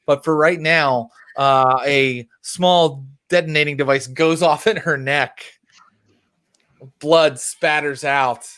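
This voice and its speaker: A man's voice: a little high, fairly even intonation, a little slow, hardly any pauses, a bit bright, dry recording. A man running a tabletop role-playing game as storyteller, narrating in a loose, chatty way with fillers.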